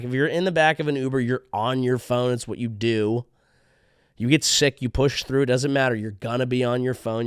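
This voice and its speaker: A male comedian hosting a podcast, riffing in a rambling, profane, animated monologue. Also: medium pitch, smooth, no echo, studio quality.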